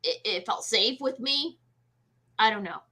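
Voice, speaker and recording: A woman's voice: on the high side, unhurried, low-quality recording. A middle-aged woman, a medium, casually telling a personal ghost story and acting out the voices in her quotes. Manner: animated, acts out voices in quotes. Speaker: guest medium.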